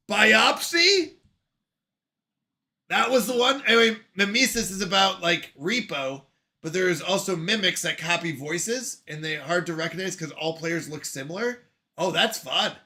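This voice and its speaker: A man's voice: sits high, expressive, a little slow, bright, forceful tone. A man hosting a casual live stream from his couch at home, reading chat and bantering playfully with lots of laughter. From Canada. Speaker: livestream host reading chat.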